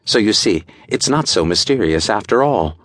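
A man's voice: on the low side, lively intonation, normal speed, a bit bright, no room sound, clean studio sound. A man putting on a teasing young society girl. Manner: teasing, mock-regal. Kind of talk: audiobook character voice.

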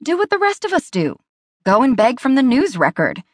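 A woman narrator voicing a wary young woman reporter of twenty-four who answers quick, defensive and wry. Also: high-pitched, wildly swooping pitch, no echo, studio quality, pitched above the performer's own voice, full character voice.

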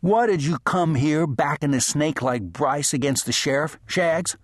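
Male narrator doing a rough, eager western deputy, husky and pushy. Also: on the high side, a little slow, dry recording, clean studio sound, voice pushed up. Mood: aggressive. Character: hotheaded eager frontier deputy, rough and greedy.

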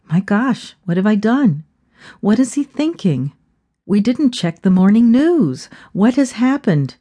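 A woman narrating a reflective audiobook in measured storytelling. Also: lowish voice, dark tone.

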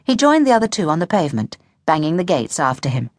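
A woman narrating a children's audiobook in an expressive storytelling manner, on a close studio mic. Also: sits low, fast, no echo.

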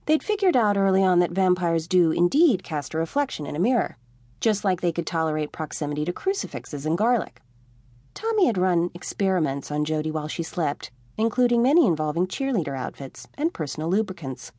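A woman narrating a comic novel with a wry, expressive reading, close to a studio mic. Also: fairly low pitch, fairly quick, no room sound. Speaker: audiobook narrator. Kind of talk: scripted narration. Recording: dry studio audiobook.

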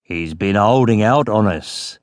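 A male narrator voicing a gruff, menacing warrior sailor who speaks in a low purr. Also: slow pace, dry recording, studio quality, natural voice.

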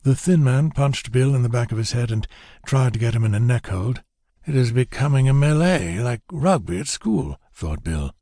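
A male audiobook narrator with a mellow, slightly husky voice, reading in a measured, even storytelling manner. He is recorded close and dry, with no room sound around him. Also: medium pitch, no echo.

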